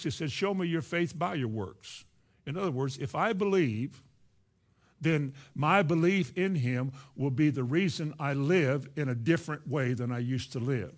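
Earnest male preacher with drawn-out emphasis. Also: medium pitch. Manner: earnest, stretches key words slowly for emphasis; acts out a reluctant churchgoer's objections. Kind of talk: sermon.

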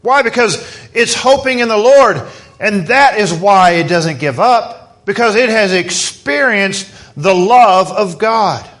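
A man preaching a sermon as pastor, emphatic and animated as he stresses his points. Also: high-pitched, slow pace.

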